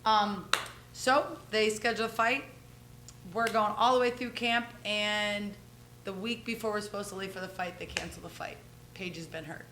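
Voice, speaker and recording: Woman fighter, chatty storyteller, bright voice, echoey room, faint hum. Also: mid-range voice, brisk. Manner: chatty, animated, acts out past dialogue, frequent "right?". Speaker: interviewee, fighter. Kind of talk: candid storytelling interview.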